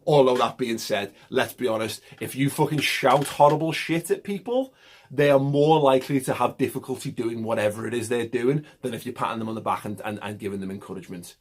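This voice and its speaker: A man's voice: medium pitch, a little fast. A man giving an impassioned, emphatic monologue as a football fan vlogger, swearing and repeating himself for emphasis. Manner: emphatic, swearing, repetitive pep talk.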